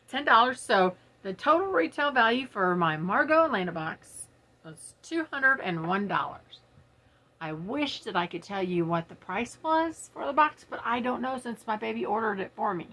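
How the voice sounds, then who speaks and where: A woman's voice: a little high, a bit bright, breathy edge. A middle-aged woman, chatting casually and giggling as she unboxes products at home for her viewers. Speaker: unboxing vlogger. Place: home, early morning.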